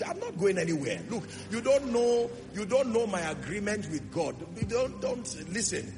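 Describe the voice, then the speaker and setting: Male preacher, high voice, gravelly, emphatic sermon, long hall reverb, music behind. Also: very animated, moderate pace, hardly any pauses. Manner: emphatic, rhetorical questions, swings from loud declarations to soft asides. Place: church hall with congregation.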